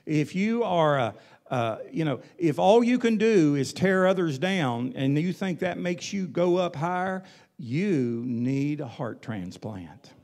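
A man's voice: a little high, animated, takes it slowly, a little mellow. A male pastor preaching a sermon in an emphatic, folksy way, with colloquial asides.

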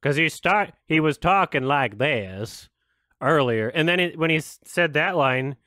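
A man talking casually as he reacts to a clip, laughing and swearing freely. His voice is bright and lively, leaping up in pitch when something amuses him. It sounds dry and close to the mic. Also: unhurried, no echo. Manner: laughs often, swears, bursts into loud excited exclamations. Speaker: reaction video host.

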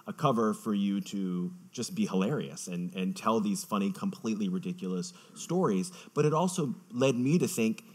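A man moderating an onstage author interview at a festival, asking long, measured questions. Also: on the low side. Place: festival stage.

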